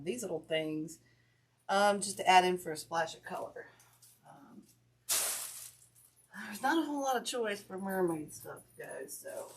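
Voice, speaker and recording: Woman, low-ish voice, chatty livestream craft host, rambling with fillers. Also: slight background noise. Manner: chatty and rambling, many fillers, greets viewers. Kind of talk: casual live tutorial chat.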